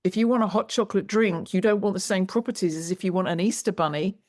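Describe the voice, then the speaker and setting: A woman guest educator in conversation, telling stories in a lively, expressive way. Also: mid-range voice, fast talker. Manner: lively, expressive, acts out quoted lines. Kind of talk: animated storytelling in conversation.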